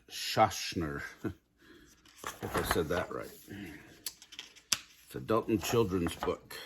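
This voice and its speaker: An older man reading a storybook aloud to children in a gentle, chuckling way. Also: lowish voice, vocal fry, slight background noise.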